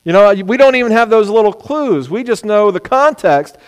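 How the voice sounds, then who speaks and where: A man preaching a sermon, animated, sometimes acting out the words of people he quotes. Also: high-pitched, moderate pace, smooth. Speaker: pastor. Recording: long hall reverb.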